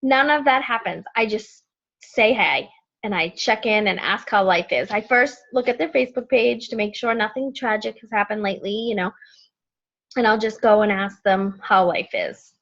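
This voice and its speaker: A woman coaching her team in a casual training talk, chatty and animated, acting out friendly messages in a bright voice. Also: medium pitch, normal speed. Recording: dull lo-fi sound.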